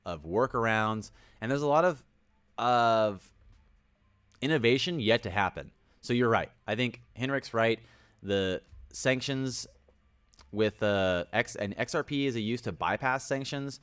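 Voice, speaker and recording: A young livestream host rambles energetically on a casual stream, greeting viewers by name and sometimes yelling. His voice is medium in pitch with a clean tone.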